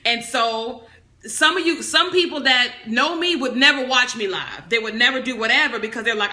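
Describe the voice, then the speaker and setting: A woman hosting a live stream, teaching and motivating in a bold, loud, animated and talkative way. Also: a little high, normal speed, roomy sound. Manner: preachy motivational, talks on and on. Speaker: business coach livestream host.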